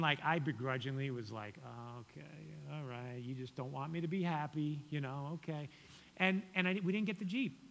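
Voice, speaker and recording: A young male guest preacher delivers a sermon in a relaxed, conversational way, pressing his listeners with earnest challenges. His voice sits a little high for a man. The sanctuary gives the sound a long, lingering reverb. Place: church sanctuary. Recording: church hall reverb.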